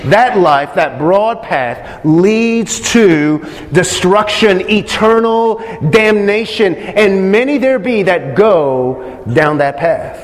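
Guy preaching, high voice, keeps asking the crowd questions, lots of reverb. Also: animated, slow pace, hardly any pauses. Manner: emphatic, repeats phrases, asks listeners questions. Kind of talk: sermon.

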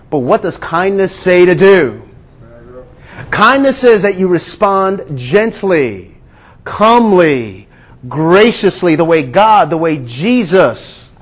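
A man preaching a sermon, earnest and questioning his listeners, slowing down to stress key words. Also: sits high. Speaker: pastor.

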